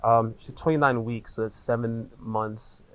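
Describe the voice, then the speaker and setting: A man in his thirties, a podcast guest, telling a personal story candidly, in casual slang with frequent swearing and halting restarts. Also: medium pitch, steady tone, rough recording.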